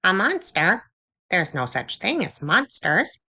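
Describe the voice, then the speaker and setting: Woman voicing a skeptical storybook rabbit, bouncy, bright, a little gravelly. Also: on the low side, wildly swooping pitch, slow, heavily acted. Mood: amused. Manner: chuckling, skeptical. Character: cheerful doubting rabbit.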